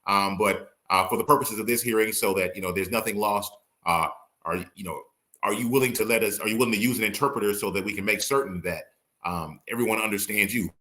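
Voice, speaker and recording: Man, attorney guest, casual interview, rapid delivery, acts out quoted exchanges. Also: lowish voice. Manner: animated, quick, acts out courtroom exchanges. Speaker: attorney guest, former prosecutor.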